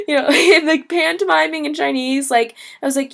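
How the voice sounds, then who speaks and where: A woman's voice: sits high, steady tone, normal speed, gravelly, a bit bright. A woman in her twenties gives a casual video lesson, chatty and laughing easily, full of "like" and "you know". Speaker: language teacher, travel vlogger.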